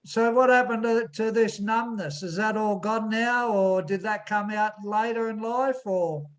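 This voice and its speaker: A male podcast host asking questions in a halting way, often repeating his first words. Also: high voice. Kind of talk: interviewing.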